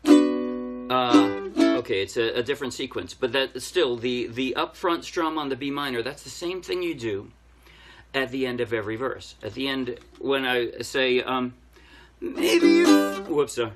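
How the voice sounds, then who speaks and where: Walking through a ukulele lesson step by step as he plays, a man teaches in a relaxed way. His medium-pitched voice moves at a normal speed over the music.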